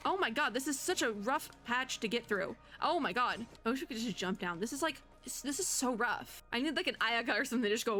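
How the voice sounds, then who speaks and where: A young woman streaming a game, thinking out loud in a chatty way and reading the dialogue aloud. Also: fairly high pitch, lively intonation, fast, hardly any pauses, faint music behind. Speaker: VTuber gamer. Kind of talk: casual gameplay commentary.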